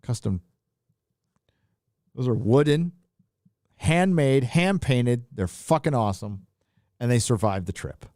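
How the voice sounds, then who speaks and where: A middle-aged Californian man hosts a live stream, reading super chats while holding a handheld mic, rambling loosely and swearing casually with frequent filler. His mid-range voice is animated and mellow, slow with long pauses, on a dry, clean studio recording.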